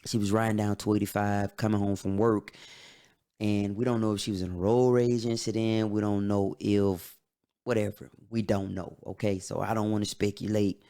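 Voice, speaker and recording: A man hosting a podcast, telling a personal story in a candid, halting way. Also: lowish voice, flat delivery, mellow, smooth. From Atlanta, USA. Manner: candid, halting, emotional retelling. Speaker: podcast host.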